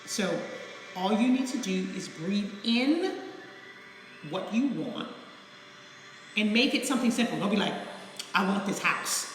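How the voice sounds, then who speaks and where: A woman's voice: mid-range voice, animated, unhurried, pauses often, slight background noise. A woman counselor teaching meditation in a casual live video, talking candidly and bluntly with mild swearing. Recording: echoey room with long reverb and faint music.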